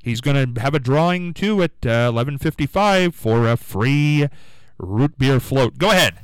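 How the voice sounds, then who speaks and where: Lively radio host with a strained throat. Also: male voice, medium pitch, moderate pace, clean tone, dry recording, poor audio. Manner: lively, upbeat, sing-song when rejecting guesses. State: throat going hoarse. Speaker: radio call-in show host. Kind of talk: casual live radio quiz chat. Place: radio studio.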